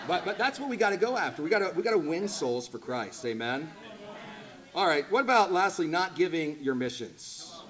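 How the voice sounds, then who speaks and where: A man preaching a sermon in a church, animated and conversational, rising to loud emphatic peaks. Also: a little high, normal speed, a crowd in the background. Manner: conversational asides with laughter. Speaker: pastor.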